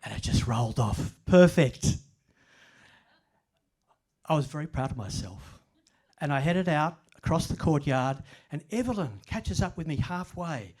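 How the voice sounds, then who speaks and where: An older man speaks at a library event, spinning humorous stories at his own expense. His voice sits slightly higher than most men's. He keeps an easy storytelling tone. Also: expressive, unhurried, a little mellow, slightly rough. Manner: self-deprecating humorous storyteller. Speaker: author giving a talk. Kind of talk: storytelling presentation.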